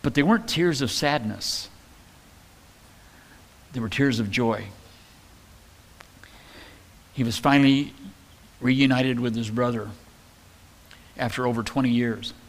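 A man teaching from the Bible as a pastor, in a relaxed, conversational way with joking asides. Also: mid-range voice, unhurried, long pauses.

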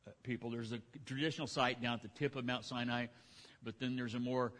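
A man preaching a sermon in a relaxed, conversational way, retelling scripture in everyday speech. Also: mid-range voice, a little fast. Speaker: pastor.

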